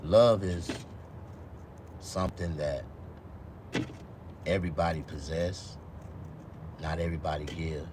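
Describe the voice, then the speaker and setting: A man with a deep, low voice rambles through a casual live stream. His words come out loose and slurred from missing teeth, and he swears freely. He swings between low mumbles and loud, excited outbursts over faint background noise. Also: slow pace, long pauses.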